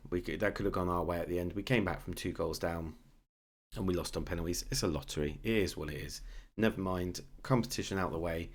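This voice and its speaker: Male gamer, deep voice, lively commentary over his own play, mutters then erupts. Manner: excitable, swings between muttering and shouting. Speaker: gaming YouTuber. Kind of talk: live game commentary.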